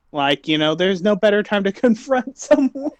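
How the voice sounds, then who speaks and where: A man's voice: high voice, no room sound. A young man in casual chat with his brother as a player in a tabletop game, laughing and teasing.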